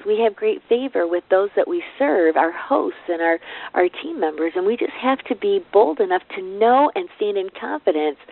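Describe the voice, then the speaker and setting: A woman giving an informal devotional to a business team, retelling a Bible story in a casual, conversational way with offhand asides. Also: medium pitch. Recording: tinny phone-like, dry sound.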